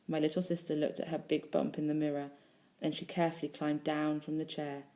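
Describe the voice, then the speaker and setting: A woman's voice: low-pitched, fairly even intonation, normal speed, darkish tone. A female primary school teacher reading a storybook aloud expressively, stopping to talk to the children listening.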